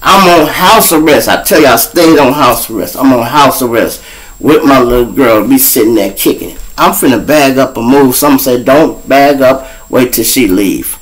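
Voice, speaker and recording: A man's voice: mid-range voice, normal speed, low-quality recording. A man with a Chicago accent, hosting his own show and telling profane street stories in a casual way, acting out the other people's voices. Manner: animated storyteller, acts out voices, profane. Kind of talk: casual storytelling.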